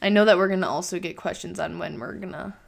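A woman's voice: lowish voice, fast, gravelly. A woman in her early twenties co-hosting a podcast, talking in a chatty way with many "like" fillers. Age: 20s. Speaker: podcast co-host. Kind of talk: casual chat.

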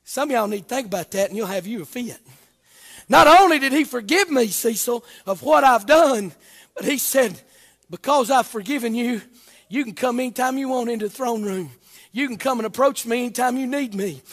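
Man preaching a sermon, very high voice, quiet then shouting, sing-song, long echo of a church hall. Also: brisk. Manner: swings from hushed talk to shouted, chanting preaching. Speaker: Baptist preacher.

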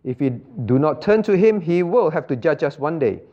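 Repetitive higher-voiced pastor teaching Bible class. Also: male voice, animated, normal speed, mellow. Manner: repeats key phrases, quizzes listeners by name. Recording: muffled lo-fi recording.

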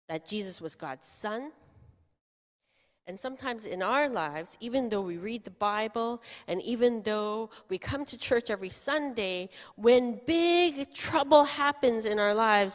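Animated woman pastor telling children a story. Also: medium pitch. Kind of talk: children's sermon. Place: church sanctuary. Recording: long church reverb.

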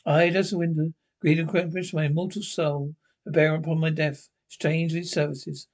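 A man's voice: on the high side, flat delivery, a little fast, a little mellow. An actor playing a sly old male devil who poses as an eccentric man, coaxing and mock-polite in a TV drama. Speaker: newspaper typesetter. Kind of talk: TV drama acting.

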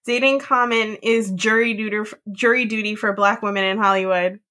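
A woman's voice: mid-range voice, fairly even intonation, normal speed, sharp tone. A woman co-hosting a podcast in a casual chat, bringing up gossip with wry teasing remarks. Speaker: podcast co-host.

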